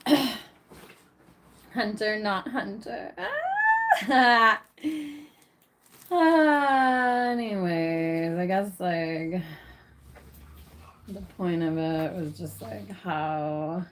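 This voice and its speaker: A woman's voice: mid-range voice, drawn-out words, pauses often, a little hiss or hum. A woman chatting casually on a live stream from home, rambling with lots of fillers and frequent laughs. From Canada.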